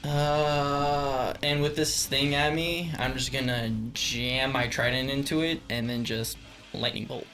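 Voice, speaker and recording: A man's voice: mid-range voice, level tone, unhurried, bright, forceful tone, soft background music. A man playing a tabletop game, with easygoing, bemused banter. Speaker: player. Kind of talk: casual tabletop play.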